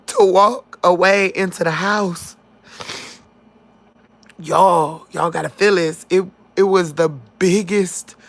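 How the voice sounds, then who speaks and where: A woman's voice: mid-range voice, dry recording. A woman, telling her viewers about a dream in a casual, emotional way. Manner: emotional, talks straight to viewers, animated. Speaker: vlogger sharing dreams.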